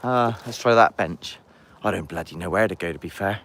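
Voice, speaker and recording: A man's voice: deep voice, fairly quick, fairly bright tone. Chatty man live-streaming outdoors. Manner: chatty and rambling, greeting viewers. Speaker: paranormal investigator streaming live. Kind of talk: casual live-stream chat. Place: outdoors by a castle and woodland.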